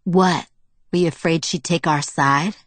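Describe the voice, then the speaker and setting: A woman's voice: sits low, fairly even intonation, measured pace, no room sound. A woman reading the part of a hot-headed, sarcastic teenage male werewolf who sneers and pushes back.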